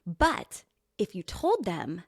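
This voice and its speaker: An animated American woman from California tells stories on a podcast, her pitch jumping around as she laughs through them. The sound is dry and close, with no room around her voice. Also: slow, no echo. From California, USA. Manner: animated storyteller, laughs often. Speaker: guest co-host. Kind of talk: casual podcast chat.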